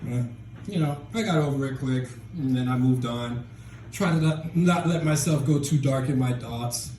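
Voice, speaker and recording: A man doing a rambling, deadpan stand-up set on a small club stage into a handheld mic. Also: mid-range voice, moderate pace, echoey room, a little hiss or hum, poor audio. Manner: deadpan, rambling, self-deprecating. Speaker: stand-up comedian.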